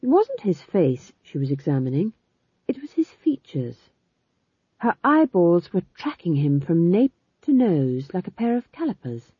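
Woman, audiobook narrator, husky, lively pitch, dry lo-fi recording. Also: unhurried, dry recording. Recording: slightly dull lo-fi recording.

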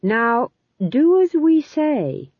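A woman's voice: high voice, wildly swooping pitch, measured pace, no room sound, pitched above the performer's own voice, heavily acted. A woman voicing a young male actor thrust onto a throne, nervous and pleading, then putting on grand royal command, in an audiobook. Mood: imperious. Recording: slightly dull lo-fi recording.

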